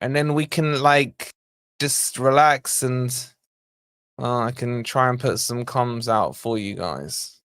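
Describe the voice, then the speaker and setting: A man's voice: medium pitch, slow pace, a bit bright, clean tone, no room sound, clean studio sound. A man hosting a football watch-along stream, chatting, joking and mildly swearing to viewers. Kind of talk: casual live-stream chat and commentary.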